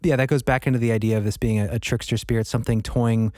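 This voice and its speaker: An easygoing man co-hosting a podcast, chatting with hesitant fillers. His voice sits at a mid pitch, recorded dry and close with no room sound. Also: steady tone, quick pace, a little mellow, no room sound. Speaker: podcast co-host. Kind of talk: casual chat.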